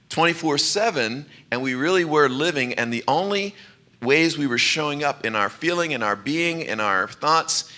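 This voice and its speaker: Man, minister, sermon, bright tone, conversational, light laughs. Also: mid-range voice. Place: church sanctuary.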